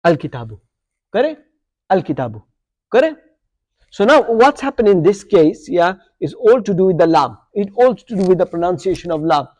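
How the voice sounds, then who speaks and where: A man's voice: high-pitched, lively intonation, normal speed, darkish tone. A man teaching an Arabic grammar lesson to a live class, quizzing students and checking in with "okay?" and "yeah?" as he goes. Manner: corrects his own slips aloud.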